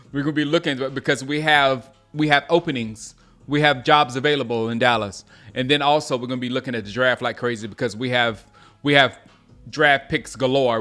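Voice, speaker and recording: A man from South Carolina hosting a live game watch-along, reacting loudly to plays and chatting with viewers by name. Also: mid-range voice. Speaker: host.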